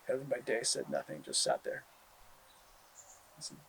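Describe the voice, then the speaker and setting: A man telling a traditional story aloud, animated, with drawn-out repeated phrases. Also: medium pitch, gravelly, slightly rough, no room sound, rough recording. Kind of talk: oral storytelling.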